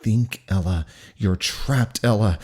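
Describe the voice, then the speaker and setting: Brief: man reading a cornered, cursing young woman, clipped and defiant, low voice. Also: takes it slowly, darkish tone, breathy edge. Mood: tense self-talk. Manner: clipped, swearing, self-coaching. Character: trapped, furious young woman heroine.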